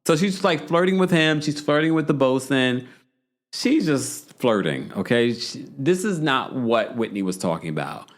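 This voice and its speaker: A man hosting a reality TV recap podcast, telling the story in an animated, gossipy way and checking in with "okay?" asides. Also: medium pitch, normal speed. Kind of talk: casual chatty recap.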